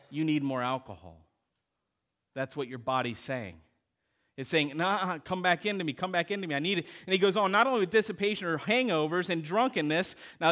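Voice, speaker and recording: A middle-aged man preaching a sermon, talking to the congregation, asking them questions and telling stories. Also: fairly high pitch. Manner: animated preaching with audience call-outs and storytelling. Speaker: pastor.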